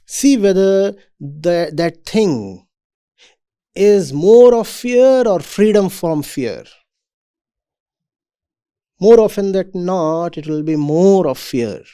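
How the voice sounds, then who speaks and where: A man giving a reflective talk to students as a spiritual teacher. He speaks in a deliberate, measured way. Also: high-pitched, expressive, warm tone, clear, resonant tone.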